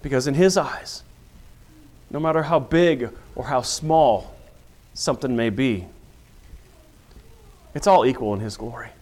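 A middle-aged man recounts his days on the police force as an earnest testimony. His voice sits at an ordinary middle pitch, and he slips into the voices of the people in his story as he tells it. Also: a little slow, pauses often, a little mellow. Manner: earnest storytelling, acting out quoted dialogue. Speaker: police officer. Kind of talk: personal testimony with faith reflection.

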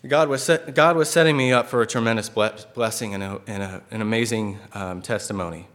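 A man's voice: lowish voice, fairly quick, a bit bright. A man sharing a personal testimony at church in an earnest, conversational way, with many fillers and restarts.

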